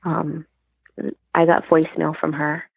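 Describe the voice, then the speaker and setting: A woman guest speaks over a tinny, dry phone line. Her low voice has a gravelly, husky texture. She tells her story earnestly and retells the conversations as she goes. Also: flat delivery, measured pace, dry recording. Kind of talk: personal storytelling. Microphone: phone call.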